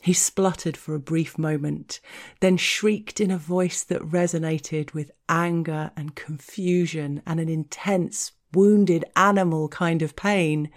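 A woman with a low voice tells an explicit first-person story, taking her time over every line. Her delivery is frank and wry, with a teasing edge. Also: fairly even intonation, takes it slowly. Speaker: erotic audio storyteller.

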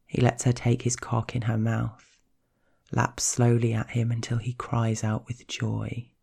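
A man narrating a scripted story in a slow, hushed, measured way. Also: mid-range voice, completely flat delivery, gravelly, husky.

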